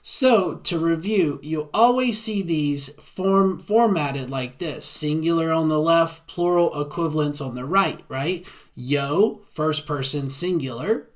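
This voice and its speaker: A man's voice: on the high side, slow pace. Man teaching with a Southern American accent. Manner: frequent tag "right?". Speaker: Spanish teacher. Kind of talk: classroom lecture.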